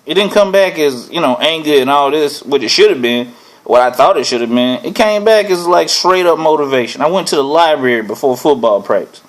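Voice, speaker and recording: A man hosting his own show, telling a personal story in a casual, animated way, often chuckling and asking "right?". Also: on the high side, brisk. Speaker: host.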